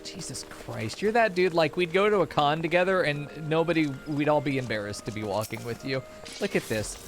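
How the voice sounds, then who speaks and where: Over game music, a man with a medium-pitched, slightly fast voice streams a game. He jokes around and swears freely in casual chatter with his viewers.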